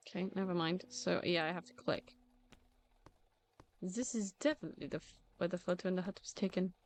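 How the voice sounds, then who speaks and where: A woman's voice: on the low side, fairly even intonation, brisk, a little hiss or hum. A woman chatting casually as she streams a video game, often confused and laughing. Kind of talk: casual let's-play commentary.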